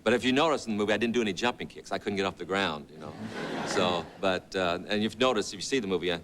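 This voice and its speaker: A man's voice: deep voice, fast, noisy background. A man in his fifties, a talk show guest and actor, telling rambling anecdotes full of quoted dialogue. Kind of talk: casual storytelling. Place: TV studio.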